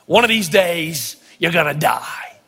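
A man imitating an older male preacher, speaking slowly, low and weighty. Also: very animated, gravelly, bright, forceful tone, husky, full character voice. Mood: solemn. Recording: long hall reverb.

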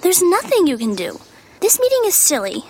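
A skeptical, sensible young girl in a radio drama, exasperated with her friends' plans. The voice is high and swings widely in pitch. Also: wildly swooping pitch, moderate pace, a little mellow, exaggerated voice.

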